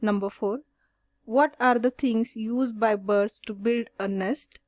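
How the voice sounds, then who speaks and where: A woman teacher works through a school exercise, reading each question and then its answer. She speaks slowly, in a somewhat high voice. The sound is dry and close, with no room around it. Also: fairly even intonation, a little mellow, no echo.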